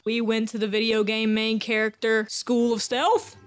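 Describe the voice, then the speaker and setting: A woman giving casual, jokey commentary on her own gameplay, excitable and swearing, talking to herself as she plays. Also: a little high, normal speed, faint music behind. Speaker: gaming YouTuber.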